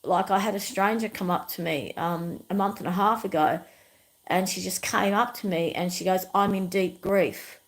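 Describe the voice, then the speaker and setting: A woman's voice: on the low side, moderate pace, low-quality recording. Emphatic, rambling woman. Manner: emphatic, rambling storytelling with repetitions. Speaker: YouTube channel host. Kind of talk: personal livestream monologue.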